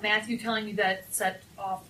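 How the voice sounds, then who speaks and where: A woman judge calmly questioning a defendant in a courtroom. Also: medium pitch, normal speed, distant mic, noisy background.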